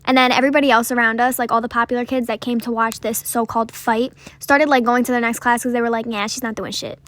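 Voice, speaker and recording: Fast-talking young woman telling a story. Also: fairly high pitch, level tone, a bit bright. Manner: chatty, peppered with "like" and swearing. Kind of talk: casual storytime.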